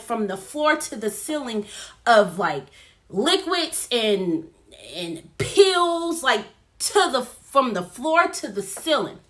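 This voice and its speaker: A woman vlogger recapping a movie plot in a chatty, animated way and talking straight to her viewers. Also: fairly high pitch. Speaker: movie reviewer. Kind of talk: casual plot recap vlog.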